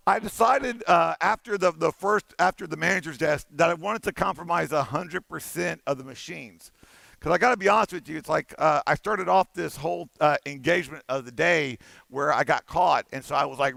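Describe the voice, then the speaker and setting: Guy on a conference stage telling a story, animated and playful, high gravelly bright voice, dry sound. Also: no echo. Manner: animated, playful, acts out dialogue. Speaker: conference keynote speaker.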